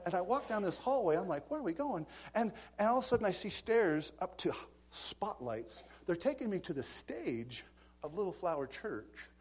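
A man's voice: a little high, darkish tone, slightly rough. A man preaching a sermon, telling stories with dramatic asides and bursts of laughter. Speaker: pastor. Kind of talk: storytelling sermon.

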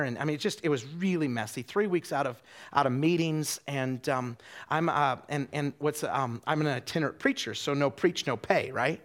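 With a slightly high voice at normal speed, a traveling preacher in middle age gives a lively sermon. His delivery moves from soft and tender to loud, with many restarts.

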